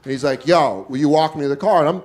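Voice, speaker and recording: A man's voice: fairly high pitch, fast talker. A man doing stand-up, telling a story on a comedy club stage and acting out the other people's lines. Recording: live club recording with a loud crowd.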